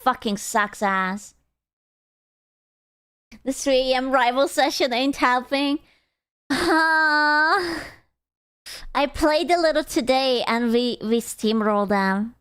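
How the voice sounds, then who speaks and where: Speaking into a desktop mic, a woman chats casually with her live-stream viewers, swearing freely, answering chat questions, and complaining while playfully mocking herself. Her voice is high-pitched and fairly bright, her pace slow with frequent pauses. The sound is clean studio quality with no echo.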